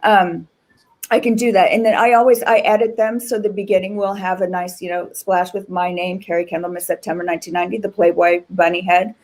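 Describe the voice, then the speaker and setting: A woman's voice: on the low side, little pitch movement, brisk, darkish tone. A woman guest on a livestream, chatting casually, bubbly and self-deprecating.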